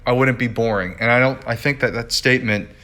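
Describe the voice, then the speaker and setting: A male painter broadcasts live by phone from his studio indoors, chatting and reading his own writing while restarting and repeating phrases often. His medium-pitched voice is bright and forceful, and he talks a little fast.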